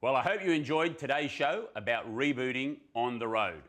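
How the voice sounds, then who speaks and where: A man's voice: medium pitch, normal speed, fairly bright tone. A man hosting a health show, presenting a countdown of tips in a chatty, upbeat way. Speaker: host. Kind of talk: casual presenting.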